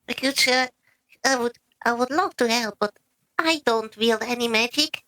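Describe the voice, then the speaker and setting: A woman's voice: fairly high pitch, moderate pace, bright, forceful tone, poor audio. A woman voicing a timid female halfling who talks hesitantly and politely. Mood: pleading. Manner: hesitant, deferential, calls everyone sir.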